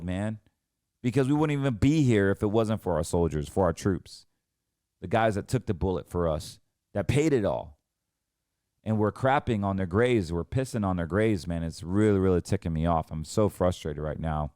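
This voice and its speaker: A man's voice: fairly low pitch, a little mellow, no room sound, studio quality. A man hosting a financial show, ranting in heated, emphatic commentary and often restarting his sentences.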